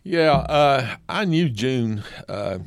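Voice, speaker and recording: Taking it slowly, this older photographer spins folksy anecdotes as a conversation guest, his speech dotted with fillers. His voice is mid-range with lively intonation, and there's no echo.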